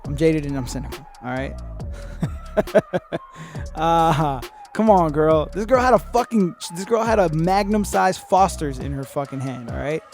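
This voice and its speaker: A man hosting a podcast, telling a story in a rambling, profane, animated way and acting out what people said. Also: on the high side, measured pace, vocal fry, faint music behind. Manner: profane, rambling, animated retelling with acted-out quotes. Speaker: podcast host. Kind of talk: casual storytelling.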